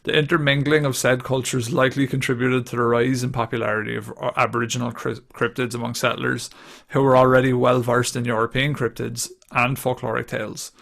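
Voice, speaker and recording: Gravelly English man hosting a podcast. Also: mid-range voice, little pitch movement, a little fast, fairly bright tone. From England. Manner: chatty, laughs easily, reads notes aloud. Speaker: podcast host. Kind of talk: casual podcast chat.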